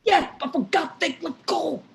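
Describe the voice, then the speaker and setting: A woman's voice: very high-pitched, moderate pace, gravelly, echoey room. A woman voicing a limping, lisping masked man who urgently pleads and whispers, in a live play reading over a video call. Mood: hurried. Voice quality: lisp.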